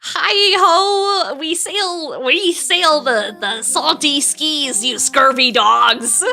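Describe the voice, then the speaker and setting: A woman putting on a swaggering pirate voice, drawing out her words in slow, hammy pirate talk. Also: high voice, gravelly, sharp tone, soft background music, heavily acted. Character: swaggering sea pirate hailing the crew.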